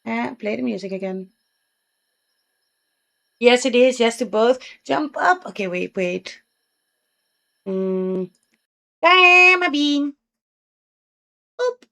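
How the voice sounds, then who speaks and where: A woman's voice: fairly high pitch, slow pace, gravelly, pauses often. Sleepy, giggly woman streamer. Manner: chatty and giggly, talking to chat and her pet. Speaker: Twitch streamer. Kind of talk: casual live-stream chat.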